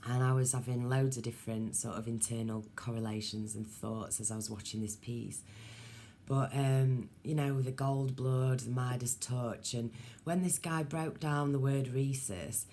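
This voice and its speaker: A woman talks straight to her viewers in a loose, wandering vlog, piling up ums and side thoughts. Her voice sits strikingly low, with a dark, mellow tone. A faint hiss of noise runs under her voice. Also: fairly even intonation, normal speed. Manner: musing, meandering, many ums and asides. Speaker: vlogger. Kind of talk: rambling casual monologue to viewers.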